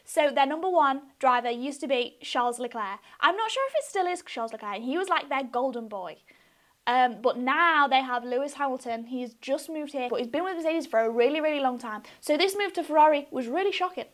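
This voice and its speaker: A woman's voice: sits high, a bit bright. A young woman chatting casually in a vlog, gushing, giggly and self-deprecating. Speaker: vlogger.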